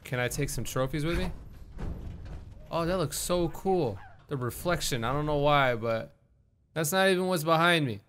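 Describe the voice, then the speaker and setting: Bright, excitable gaming commentator man. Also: fairly high pitch, normal speed, slight background noise. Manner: excitable, jokey reactions to the game. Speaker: gaming YouTuber. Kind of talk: casual let's-play commentary.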